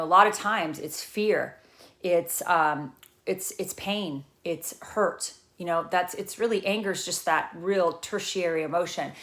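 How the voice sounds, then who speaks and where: Earnest woman coach, rambling and low-pitched. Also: fairly bright tone. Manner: earnest, rambling with many fillers and restarts. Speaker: trauma recovery coach. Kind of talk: casual talk to camera.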